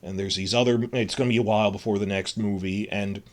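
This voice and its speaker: A man's voice: fairly low pitch, steady tone, fast. A man hosting a solo podcast, rambling emotionally through a film review, restarting his sentences.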